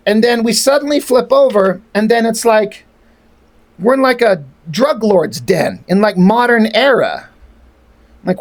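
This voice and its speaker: A man's voice: high-pitched, very animated, moderate pace. A man reading through a comic aloud and mocking it with sarcastic, rambling, profane asides. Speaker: comic reviewer.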